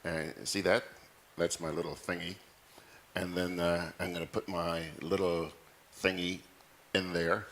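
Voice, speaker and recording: Male talk show host, very low voice, chatty and playful, casual on-air banter. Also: little pitch movement, unhurried, pauses often, a bit bright, a little hiss or hum.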